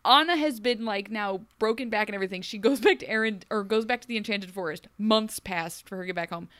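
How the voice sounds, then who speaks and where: A woman's voice: medium pitch, no room sound. Chatty young woman, dry close sound. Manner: animated, acts out characters in quick asides. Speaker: podcast co-host. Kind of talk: casual chat recapping a TV show.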